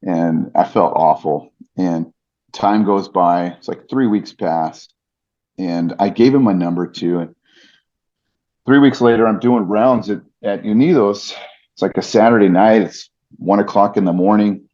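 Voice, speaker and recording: A man's voice: on the low side, unhurried, dark tone, muffled recording. A man, a podcast guest and ring announcer, earnestly retelling a personal story with vivid detail and fillers.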